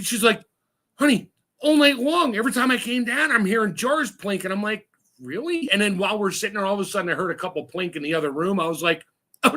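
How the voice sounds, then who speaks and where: A man's voice: high voice, sharp tone. A man hosting a casual chat, telling stories with lots of laughter and imitated sounds. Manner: chatty storyteller, laughs often, acts out sounds. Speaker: host.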